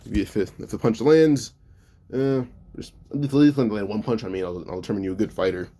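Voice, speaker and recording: A man voicing a cocky, bored, overpowered male street fighter, speaking in a flat, offhand way in his own low voice. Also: brisk.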